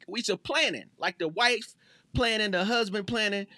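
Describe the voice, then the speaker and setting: Animated high-voiced man ranting about sports. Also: moderate pace, no echo, clean studio sound. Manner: animated, slangy, repeats himself. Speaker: podcast host. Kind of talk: casual sports rant.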